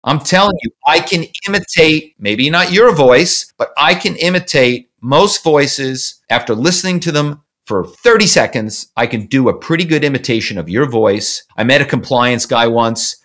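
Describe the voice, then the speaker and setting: Male podcast guest, former corporate spy, animated storyteller, mid-pitched. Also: normal speed, few pauses. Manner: animated storyteller, slips into imitations. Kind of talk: casual interview talk.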